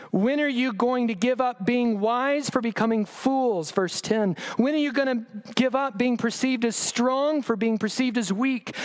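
A man preaching a sermon, reading scripture aloud with pointed sarcastic emphasis and pressing the listeners with rhetorical questions. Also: extremely high pitch. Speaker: pastor.

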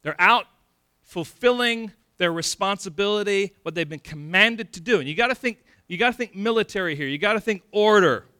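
A man preaching an expository sermon, building to emphatic peaks and dropping low again. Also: animated, a little fast, bright, forceful tone, clean tone, no room sound, clean studio sound. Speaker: pastor.

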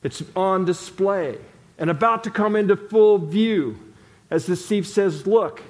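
A man's voice: high-pitched, measured pace. A male pastor delivering an emphatic sermon in a church sanctuary, repeating phrases for stress. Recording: long hall reverb.

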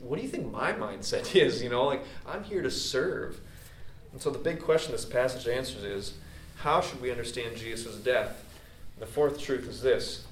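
A man's voice: medium pitch, a little hiss or hum. A man preaching a sermon in a loose, chatty way, full of fillers and restarts. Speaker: pastor. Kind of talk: casual conversational sermon. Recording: echoey room, mic at a distance, faint ambience.

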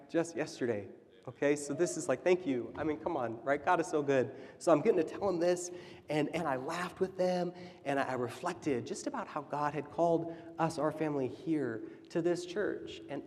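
A man in his thirties leads a sermon and keeps sliding into animated, chatty stories. His voice sits fairly high. The sound rings with the long reverb of a church hall. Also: moderate pace. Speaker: church leader. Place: church sanctuary.

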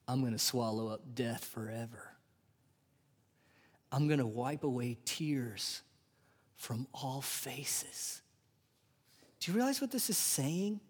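A man in his thirties preaching a sermon. He swings from loud, rising emphasis to hushed, drawn-out near-whispers. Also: mid-range voice. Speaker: pastor. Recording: live sermon with long hall reverb.

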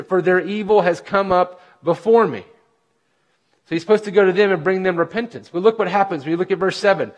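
A man preaching a sermon, reading scripture aloud and explaining it with emphatic bursts and quiet asides. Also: high-pitched. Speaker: pastor.

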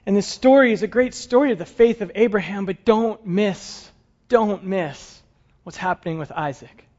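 A male pastor preaching a sermon with dramatic storytelling, often dropping to hushed tones. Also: high voice, normal speed. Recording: dull lo-fi sound.

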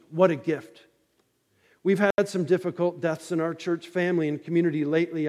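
High-voiced preacher in a reverberant church. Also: male voice, a little mellow. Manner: dramatic storytelling preacher, rising and falling intensity. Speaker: pastor. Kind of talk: sermon. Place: church sanctuary. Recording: long reverb of a church hall.

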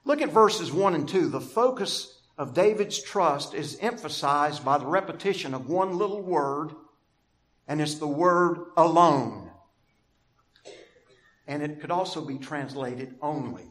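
A man preaching a sermon as pastor, deliberate and emphatic, stressing key words through repetition. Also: a little high, expressive, fairly bright tone.

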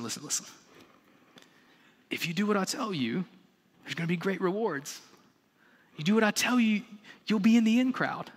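A menacing ancient king, put on by a preacher, leans in with a dropped, hushed voice. He coaxes and threatens at once, and his voice is bright and edged despite the quiet. A long hall reverb trails each phrase. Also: lightly acted. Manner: low, hushed, threatening, coaxing. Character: menacing ancient male king giving orders.

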